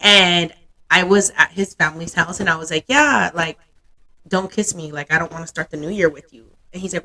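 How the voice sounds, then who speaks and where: Young female podcast host, bright tone, casual, frank, swears freely. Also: mid-range voice, normal speed. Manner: candid, laughs easily, swears freely. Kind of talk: casual chat.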